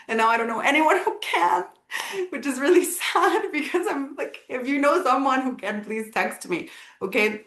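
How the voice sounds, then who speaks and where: A woman teaching at a live event, telling a story with animated energy, acting out the people she quotes and laughing often. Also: mid-range voice. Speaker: spiritual teacher. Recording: roomy echo.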